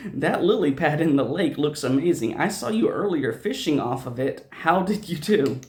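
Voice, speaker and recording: A man's voice: fairly high pitch, animated, moderate pace, a little mellow. A man reading aloud the lines of a friendly male game villager who runs a pizza shop, in his own voice. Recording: roomy echo.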